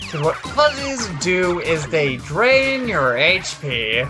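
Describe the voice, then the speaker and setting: Over background music, a tired man narrates gameplay in a slow, sing-song voice that sits fairly high. He's a let's play commentator whose worn voice drifts into rambling, cursing, self-corrections, and frequent restarts.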